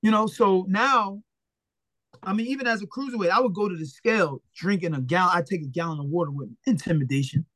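A man's voice: high voice, quick pace, no room sound. A man from Philadelphia, a retired boxer, talks casually as an interview guest, recounting stories bluntly with profanity and acting out the voices of people he quotes. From Philadelphia, USA. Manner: animated, blunt and profane, acts out quoted dialogue.

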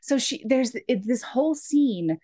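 A woman's voice: high voice, animated, measured pace, warm tone. A woman hosting a podcast who recaps a novel in a chatty, casual way with many "like"s. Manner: chatty, full of "like". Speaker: podcast host.

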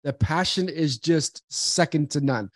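A man in his forties from Southern California, a podcast guest telling earnest, animated stories with frequent restarts. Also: a little high, measured pace, no room sound, studio quality. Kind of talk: casual interview storytelling.

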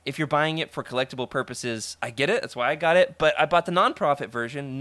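Excitable man chatting on a podcast. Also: medium pitch, no room sound. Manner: enthusiastic, animated, laughs often. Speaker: podcast host. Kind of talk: casual podcast chat.

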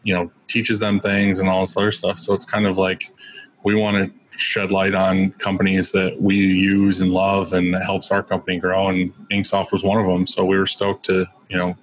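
Man, podcast co-host, casual, filler-heavy, very low pitch, monotone. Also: normal speed, slight background noise, low-quality recording.

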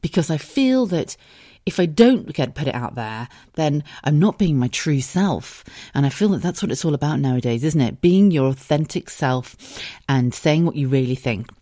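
A woman's voice: sits low, animated, moderate pace, warm tone, dry recording, clean studio sound. An English woman in her thirties hosting a casual solo podcast, chatty and giggly, swearing freely. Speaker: podcast host.

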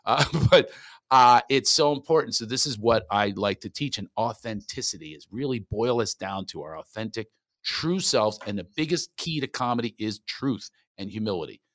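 A man with a bright, forceful voice in the middle of the pitch range, chatting in an interview. He tells stories with lots of energy and laughs often. The sound is dry and close. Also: normal speed, no echo. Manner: animated storyteller, laughs often. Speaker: comedian and coach. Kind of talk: casual interview chat.

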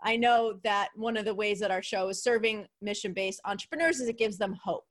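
Hosting a casual podcast interview, a woman with a New York accent speaks a little fast at a medium pitch, chatty and bubbly, with frequent laughter.

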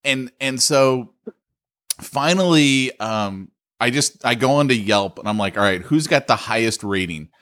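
A man co-hosting a podcast, telling a story about himself with a self-mocking laugh. His voice is mid-pitched, and his intonation rises and falls a lot as the story goes on. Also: lively intonation, measured pace, a bit bright. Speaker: podcast co-host.

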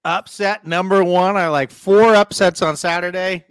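A man's voice: high voice, steady tone, unhurried, clear, resonant tone, no room sound. A man hosting a sports betting podcast, running through game picks in a breezy, casual way and asking his co-host for his take. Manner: breezy, leads the picks and asks for co-host's take.

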